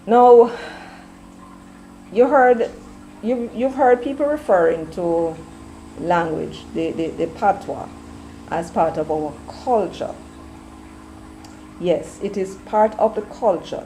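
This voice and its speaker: A Jamaican woman hosting casual commentary, chatty, slipping between patois and English, her throat a little hoarse. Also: lowish voice, dark tone, a little hiss or hum, poor audio. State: slightly hoarse, clearing throat. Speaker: commentary channel host.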